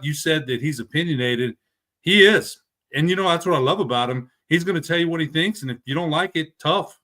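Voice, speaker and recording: An earnest man talks football at length as a guest. He rambles and often corrects himself mid-sentence, in a mid-pitch voice. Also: a bit bright. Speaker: guest commentator. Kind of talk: casual sports discussion.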